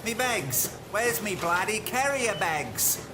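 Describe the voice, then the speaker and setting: A man's voice: sits high, very animated, slow pace, background noise, pitched above the performer's own voice, exaggerated voice. A man voicing a furious, swearing shopper with an Australian accent, ranting in a comedy sketch.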